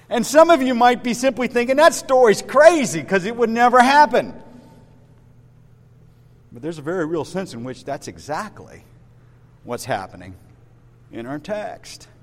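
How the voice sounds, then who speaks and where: A man's voice: sits high, in a large hall. A man, a pastor, preaching a sermon, telling a story and talking straight to his congregation. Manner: storytelling, lively, addresses listeners directly.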